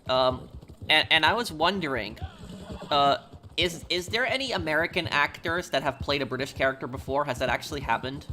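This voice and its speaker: A man's voice: on the high side, animated, a little fast, pushed and bright, soft background music. A man streaming a game live, reading viewer messages aloud and answering them offhand in casual chat from his home gaming setup.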